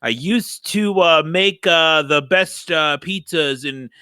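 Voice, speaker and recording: A young man co-hosts a podcast, chatting casually and telling stories animatedly with lots of laughter and free swearing. His voice is a little high and clean, and he takes it slowly; the recording is dry and studio quality.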